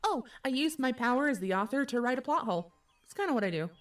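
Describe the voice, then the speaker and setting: A woman voicing a calm, matter-of-fact mare who is a writer. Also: high voice, fast, big-room sound, recorded from a distance.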